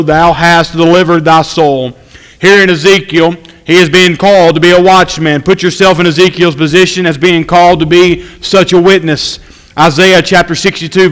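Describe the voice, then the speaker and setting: Guy preaching a sermon, high clear voice, says his main points twice, big reverby hall. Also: fairly bright tone. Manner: slow, repeats key points for emphasis. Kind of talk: evening sermon with scripture reading.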